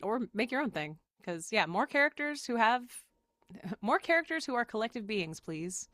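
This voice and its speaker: A woman's voice: fairly high pitch, very animated, normal speed, fairly bright tone, no echo. Chatty Southern woman, dry sound. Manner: chatty, rambling, laughs often. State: sick and exhausted. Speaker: spiritual channel host. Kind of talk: casual talk to camera.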